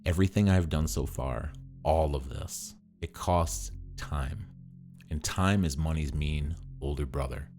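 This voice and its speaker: A man's voice: extremely low pitch, unhurried, a little mellow, faint music behind. A man narrating his own story in a scripted podcast style, wry and dramatic, with punchy turns of phrase.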